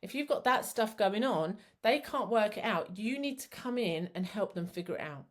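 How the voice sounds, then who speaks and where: A woman's voice: medium pitch, animated, normal speed. A middle-aged woman, a psychotherapist giving a chatty, rambling talk that teaches parents. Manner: chatty, rambling, self-described waffler.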